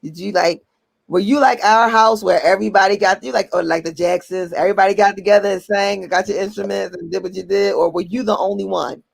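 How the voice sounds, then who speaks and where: A man's voice: steady tone, fast, gravelly. A man hosting an interview show, chatting casually and teasing his guest playfully. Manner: playful and teasing, with bursts into high exclamations. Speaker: show host.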